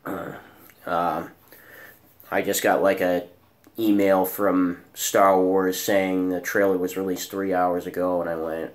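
A man with a deep, raspy early-morning voice talks slowly to his camera from home. He rambles casually and sounds sleepy and unhurried. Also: little pitch movement. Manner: slow, sleepy, chatty, rambling. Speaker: reaction video host.

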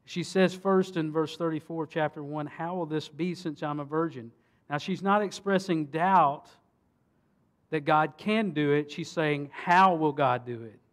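A man, a pastor, preaching a sermon and reading scripture, swinging between emphatic peaks and hushed solemn passages. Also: on the high side, fairly even intonation, unhurried. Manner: rhetorical questions to the congregation.

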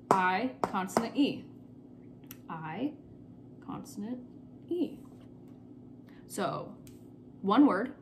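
A woman teacher giving a recorded phonics lesson to children, patient and repeating key words slowly. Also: mid-range voice, slight background noise.

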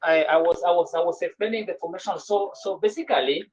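A fairly low-pitched, slightly mellow female voice moves fast through a French grammar lesson in an online class. The teacher keeps restarting and repeating her words, and the video call sound is dull and lo-fi.

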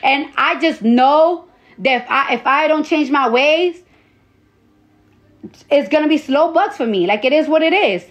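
A woman's voice: high-pitched, expressive, measured pace, long pauses. A woman in her early thirties on a phone livestream, ranting bluntly and profanely and repeating lines for emphasis. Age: 30s. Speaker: social media personality. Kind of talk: casual livestream rant. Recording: slightly dull lo-fi phone audio.

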